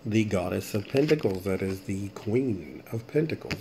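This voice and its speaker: A man with a fairly low, expressive, slightly mellow voice talks at a moderate pace over faint background noise. He's a tarot reader hosting a casual late-night vlog, rambling and chatting as he thinks aloud. Tired from the late hour, he stifles yawns along the way.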